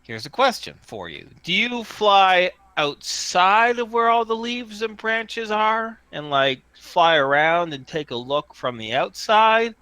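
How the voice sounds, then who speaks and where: A man running a tabletop role-playing game as game master, talking in an animated, chatty way. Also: high voice, slow, few pauses, clear, resonant tone, no echo.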